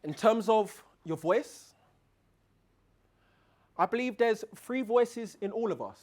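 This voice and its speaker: Lively high-voiced man giving a keynote. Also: slow pace. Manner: dramatic swings in loudness and pitch to demonstrate voices; asks the audience questions. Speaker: keynote speaker. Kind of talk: conference keynote on presentation skills. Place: conference hall.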